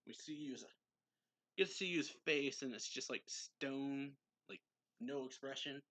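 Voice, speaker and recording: A man's voice: medium pitch, unhurried, sharp tone. A young man casually recapping a manga chapter as a reviewer, rambling with lots of fillers. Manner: rambling, filler-heavy with 'like' and 'and so'.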